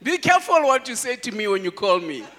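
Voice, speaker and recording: A man, a pastor, preaching a sermon in an animated way, laughing often and calling out to his congregation. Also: sits high, quick pace, in a large hall.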